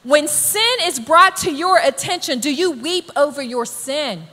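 High, bright-voiced woman preaching. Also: expressive, measured pace, long reverb tail. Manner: emphatic, exhorting, rising to shouted calls. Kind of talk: sermon.

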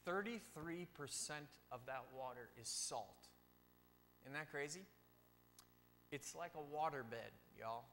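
A young man preaching a youth sermon, talking in a loose, joking way and often asking the room questions. His voice is bright and forward. The church gives it a long reverb, with a faint hum underneath. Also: on the high side, lively intonation, slow, pauses often. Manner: casual, joking, asks the audience questions. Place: church sanctuary.

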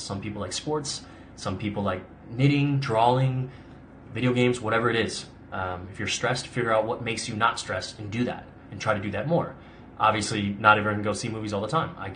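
With a little hiss or hum in the recording, a young actor hosts a casual live-stream Q&A. His lowish voice has a fairly bright tone, and he rambles chattily through viewer questions, using "like" often and restarting.

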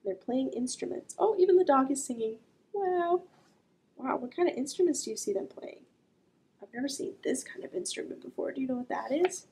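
A woman reading a picture book aloud to children as a librarian, gently asking the listener questions and drawing out the sound words. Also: sits high, animated, brisk, poor audio.

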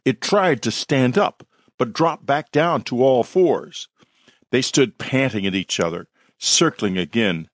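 A man reading his own horror story aloud in a slow, measured narration. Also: medium pitch, animated, dry recording, clean studio sound.

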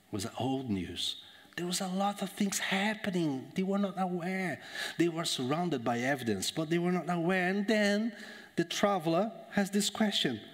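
A man preaching a sermon in a church, dramatic, swinging from loud emphasis to hushed tones. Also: mid-range voice, long reverb tail.

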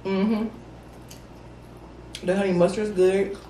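A woman's voice: medium pitch, level tone, takes it slowly, dark tone, a little hiss or hum. A woman talking casually about the food between bites in a mukbang video. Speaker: mukbang guest. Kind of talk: casual eating chat. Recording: roomy audio from a distant mic with faint music. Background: faint music.

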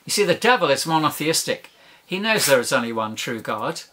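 A man's voice: on the high side, very animated, fairly quick, sharp tone. A man preaching a sermon, emphatic, building points with rhetorical questions and lists.

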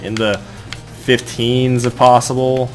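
A young man giving casual gameplay commentary, rambling and joking, with sudden excited outbursts when things go wrong. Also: mid-range voice, takes it slowly, soft background music. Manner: excitable, rambling, shouts in bursts of frustration. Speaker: let's play gamer.

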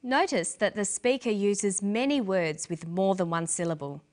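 A woman presenting a scripted English lesson, speaking clearly and carefully as a teacher. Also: mid-range voice, moderate pace, darkish tone. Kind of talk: scripted instructional narration.

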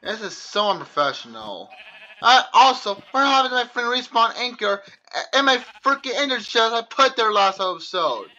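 A man's voice: extremely high pitch, sing-song, normal speed, sharp tone, highs cut off. A young man commenting on his own gameplay, exasperated and complaining over and over about lost items. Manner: exasperated, repeatedly complaining and ranting. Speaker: gaming channel host.

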